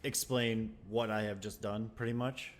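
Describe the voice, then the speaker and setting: A man playing a tabletop game over a voice call, chatting lively with the game master in and out of character. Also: on the low side, normal speed, noisy background. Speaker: player.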